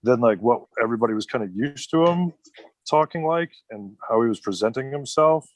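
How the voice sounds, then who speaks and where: A man's voice: medium pitch, expressive, brisk, dry recording. A man, a former wrestler, telling casual stories as a podcast guest, full of "like" and restarts. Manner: rambling, heavy use of "like".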